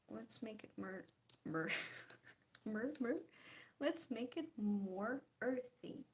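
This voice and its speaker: A young female art vlogger with a slightly high, darkish voice giggles and chats easily while she paints. Now and then she trails off into quiet, half-whispered remarks.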